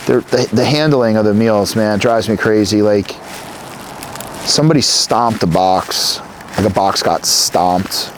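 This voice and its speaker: A man in his thirties from New Jersey, a company founder talking as an interview guest, who rambles and swears as he tells animated stories. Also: on the low side, measured pace, a little hiss or hum. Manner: rambling, profane, animated storytelling. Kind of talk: casual interview conversation.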